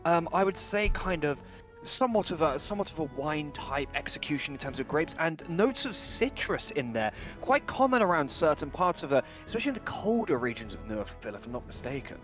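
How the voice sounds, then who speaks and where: A man's voice: a little high, sing-song, a little fast, fairly bright tone, soft background music. A man voicing a pompous young noble in a tabletop game, speaking in a wordy, pompous manner. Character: pompous young noble claiming royal lineage.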